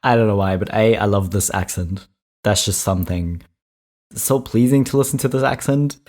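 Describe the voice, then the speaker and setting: A man's voice: on the low side, moderate pace, darkish tone. A man hosting a reaction video, commenting on clips in a chatty, exasperated way with emphatic repeats.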